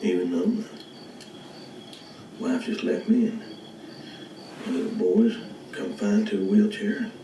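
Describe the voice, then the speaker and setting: An actor playing a bitter, boastful, self-pitying washed-up wrestler who blusters into loud outbursts, heard as roomy, distant film audio with faint ambience. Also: male voice, high voice, huge pitch swings, measured pace, gravelly, long pauses, a little hiss or hum, exaggerated voice.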